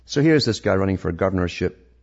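A man's voice: low-pitched, lively intonation, fast, vocal fry, breathy edge. A man giving a sarcastic, rambling monologue as a talk host, often restarting his sentences. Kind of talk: monologue reading news articles. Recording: dull lo-fi recording.

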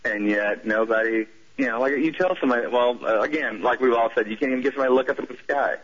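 A man's voice: mid-range voice, fast, fairly bright tone. A man from the southern United States with a Southern accent, calling in to a radio show and rambling with many restarts. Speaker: caller. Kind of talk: call-in radio conversation. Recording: muffled radio broadcast audio.

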